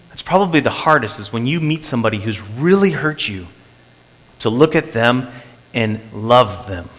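A pastor with a lowish, slightly bright voice gives an earnest sermon testimony about a church meeting, repeating phrases for emphasis. The recording carries a long hall reverb.

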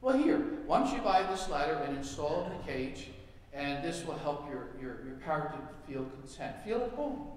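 A man's voice: a little high, very animated, moderate pace, a little hiss or hum. Figure: patient pet store manager played by a man. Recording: echoey hall. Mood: reassuring. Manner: patient, reassuring salesman. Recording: echoey hall, mic far off.

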